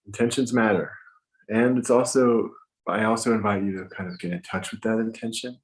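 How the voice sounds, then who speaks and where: Deep-voiced man guiding a meditation. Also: steady tone, poor audio. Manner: slow, gentle instructions with pauses. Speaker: meditation teacher. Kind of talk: guided breathwork meditation. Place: home with windows open.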